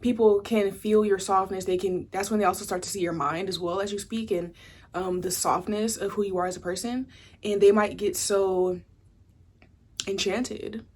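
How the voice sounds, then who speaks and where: A woman's voice: mid-range voice, steady tone, normal speed, slightly rough. A young woman from the States, giving a casual pick-a-card tarot reading in a chatty, rambling way full of "like" and "you know". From Southern United States. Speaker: tarot reader.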